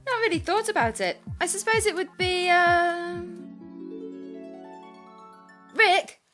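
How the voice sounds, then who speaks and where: English woman, deadpan comic presenter, high bright voice. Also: slow, soft background music. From England. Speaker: radio presenter. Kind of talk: scripted sketch comedy.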